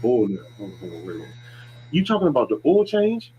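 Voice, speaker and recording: A man's voice: mid-range voice, wildly swooping pitch, brisk, dull audio, slight background noise. A man acting out an exasperated customer in a barber's chair who rants and swears in a comedy skit.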